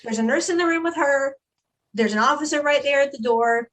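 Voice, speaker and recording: A woman guest on a podcast interview, retelling a personal story in an emphatic, animated way. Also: high-pitched, brisk.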